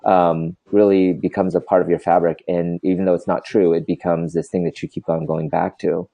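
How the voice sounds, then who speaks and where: A man's voice: sits low, little pitch movement, brisk, gravelly, warm tone. A man hosting a podcast interview, talking candidly in a rambling way, full of "you know". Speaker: podcast host. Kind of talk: casual interview chat.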